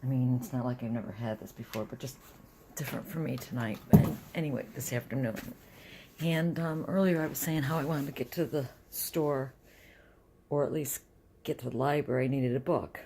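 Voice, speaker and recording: A woman's voice: very deep voice, a little fast, mellow, a little hiss or hum. A middle-aged woman talking casually in a home vlog, rambling with restarts. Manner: rambling, chatty, restarts often. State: dizzy and close to tears. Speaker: vlogger.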